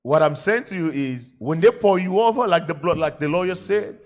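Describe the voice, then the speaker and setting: A man telling an animated story in casual radio talk, often laughing and acting out what others said. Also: on the high side, brisk. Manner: animated, laughing, acts out quotes. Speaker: guest storyteller.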